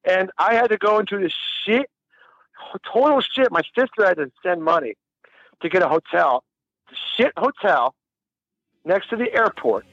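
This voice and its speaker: A man's voice: high-pitched, animated, moderate pace, a bit bright, no echo, highs cut off. A man telling a long, rambling story in a casual interview, laughing and swearing freely. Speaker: musician guest.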